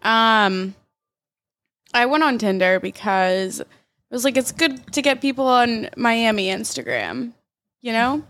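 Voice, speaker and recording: A woman's voice: a little high, measured pace, fairly bright tone, dry recording. A young woman co-hosting a casual chat, laid-back and giggly, swearing freely. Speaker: podcast co-host.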